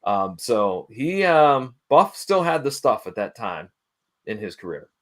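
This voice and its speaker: Animated middle-aged man telling stories. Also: medium pitch, unhurried. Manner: animated storyteller, acts out quoted dialogue. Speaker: interview guest, wrestling manager. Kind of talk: casual anecdote telling.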